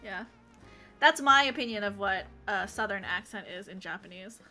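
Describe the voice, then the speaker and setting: Giggly bright-voiced woman streamer. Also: medium pitch, animated, normal speed, faint music behind. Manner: giggly, reads chat messages aloud. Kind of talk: casual gaming stream chat.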